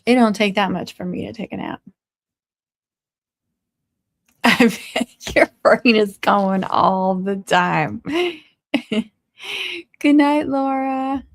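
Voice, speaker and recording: A woman's voice: medium pitch, steady tone, slow, vocal fry, pauses often, no echo, studio quality. A woman hosting a crafting livestream, chatting casually and teasing her viewers with frequent laughs. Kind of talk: casual live-stream chat.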